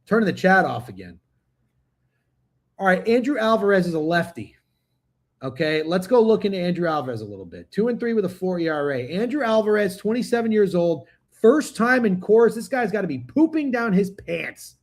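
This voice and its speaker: A man's voice: high-pitched, sing-song, moderate pace. A man hosting a sports betting livestream, talking casually and profanely, speaking straight to his chat. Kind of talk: casual live-stream chat.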